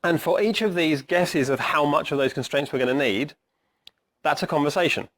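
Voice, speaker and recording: Casting note: middle-aged man, slightly high voice, hoarse, coaching a room in a chatty lecture, keeps asking the audience "right?". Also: moderate pace, fairly bright tone. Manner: conversational, asks the audience questions, says "right?" often. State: hoarse, clearing his throat. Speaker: agile coach giving a talk. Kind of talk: conference talk to a live audience.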